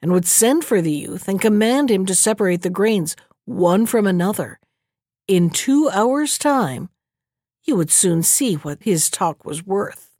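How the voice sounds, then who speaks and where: A woman's voice: mid-range voice, unhurried, no room sound, studio quality. A woman doing sly scheming soldiers. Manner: sly, flattering. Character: gruff scheming discharged soldiers, men.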